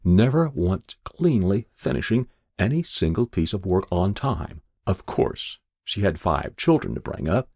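A man narrating a story in an expressive, measured storytelling manner. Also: low voice, vocal fry, husky, no room sound, studio quality. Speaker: audiobook narrator.

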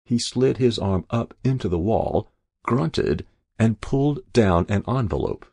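Man, story narrator, low, gravelly, husky, lively pitch, dry close sound. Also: measured pace, no room sound. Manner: dry first-person narration, voicing each figure lightly. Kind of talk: audiobook reading of a story.

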